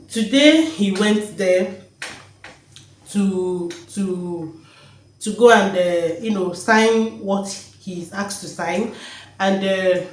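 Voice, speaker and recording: A woman talks straight to her camera at home, overflowing with joy and circling back over the same words. Her voice sits at an everyday middle pitch. The room around her rings with a clear echo. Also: a little hiss or hum. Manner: joyful and emotional, repeats phrases. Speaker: vlogger. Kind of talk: emotional personal vlog. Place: home, indoors.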